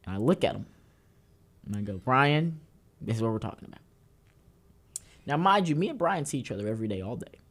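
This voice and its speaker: A young man co-hosting a political talk show, bantering casually and telling stories with lively asides to the audience. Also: medium pitch, brisk, pauses often. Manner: animated storytelling, mimics others.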